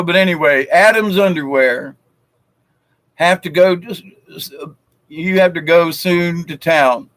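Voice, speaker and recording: A man's voice: fairly high pitch, a bit bright, no room sound, rough recording. A man from South Georgia, telling jokes in a folksy, chuckling way on a live stream. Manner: folksy and chuckling, with frequent fillers. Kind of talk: casual joke-telling chat.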